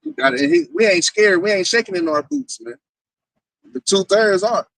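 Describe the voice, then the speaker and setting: Emphatic man with a gravelly voice. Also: high-pitched, very animated, fairly bright tone, dry recording, distant mic, poor audio. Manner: emphatic, slows to quote verses. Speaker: participant in a group discussion. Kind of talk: casual talk quoting scripture.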